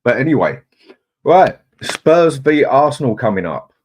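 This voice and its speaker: A man's voice: mid-range voice, very animated, measured pace, slight background noise. A middle-aged man, hosting a casual live chat, greeting viewers in a chatty, laid-back way. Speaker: livestream host.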